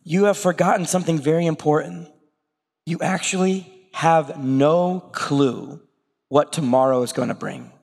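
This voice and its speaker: A man preaching a sermon in a conversational way, slipping into quick acted asides. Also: on the high side, gravelly, darkish tone, long reverb tail. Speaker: pastor.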